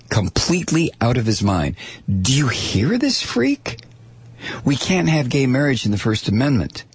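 Talk radio host, male, angry and sarcastic rant, lively swooping pitch, slightly husky, dry studio sound. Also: no echo.

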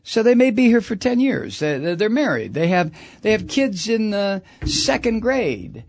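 A man delivering an animated, profane political rant, rambling with sudden whoops. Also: high-pitched, moderate pace, creaky, a little hiss or hum. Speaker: political commentator.

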